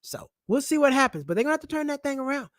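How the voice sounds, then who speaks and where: Loud joking man ranting to camera. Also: very high-pitched, rapid-fire, dry recording, clean studio sound. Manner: loud, animated, slangy and joking. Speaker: channel host and comedian. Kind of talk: casual personal finance vlog rant. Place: at home, seated in a chair. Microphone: camera mic.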